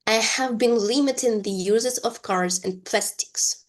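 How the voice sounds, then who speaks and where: A woman teaching an English lesson, reading example sentences slowly and deliberately. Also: on the high side.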